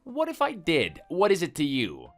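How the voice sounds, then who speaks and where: A man's voice: a little high, wildly swooping pitch, moderate pace, faint music behind. A synthetic male voice doing a threatening husband. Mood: scornful. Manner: defensive and contemptuous. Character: hot-tempered, threatening adult husband. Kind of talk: text-message story voice-over.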